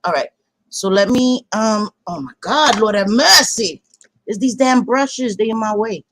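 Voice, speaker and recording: A woman's voice: fairly high pitch, measured pace, noisy background. Woman streamer, laid-back and profane, runs a roll call of her chat. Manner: chatty, swears casually, greets viewers by name. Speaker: livestream host. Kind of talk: casual livestream chat.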